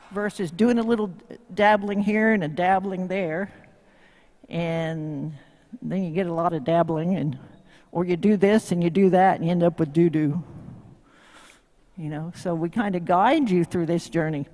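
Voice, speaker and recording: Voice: mid-range voice, normal speed, a little mellow, big-room sound. A horsemanship instructor with a Tennessee accent, giving a folksy, joking live demo talk and quizzing the crowd. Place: live event venue.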